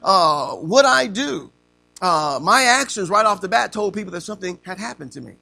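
High gravelly preacher man, bright-toned. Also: expressive, moderate pace. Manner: asks the room questions and acts out stories. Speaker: preacher teaching a class. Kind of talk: interactive sermon.

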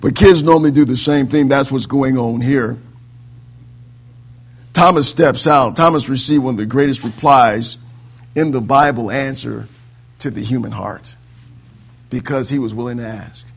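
A middle-aged man and pastor preaching a sermon with animated delivery, quoting voices and laughing, swinging between loud emphatic declarations and quiet low asides. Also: normal speed, vocal fry, long pauses.

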